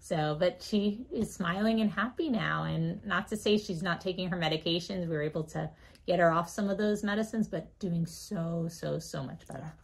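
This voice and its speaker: A woman, a physician guest on an interview show, telling a story with lively delivery and laughing often. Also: lowish voice, normal speed, vocal fry, husky. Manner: lively, acts out voices in her anecdotes, laughs often.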